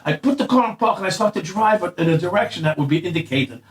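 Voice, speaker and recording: A man's voice: high voice, lively intonation, quick pace, distant mic. A man telling a long story in casual chat, acting out quoted lines, swearing and laughing as he goes. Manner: acts out quoted lines in a raised voice. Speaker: guest.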